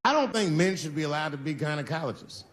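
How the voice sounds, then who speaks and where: This stand-up comic has a voice on the high side, animated and quick-paced. He spins his stories conversationally, performing the other characters himself, in a roomy space full of long reverb and noise.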